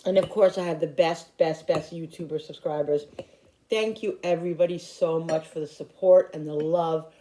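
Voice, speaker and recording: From home in upstate New York, a middle-aged woman shares personal vlog talk with her viewers, heartfelt and rambling, frequently restarting sentences. She speaks at normal speed in a low voice with fairly even intonation over a noisy background.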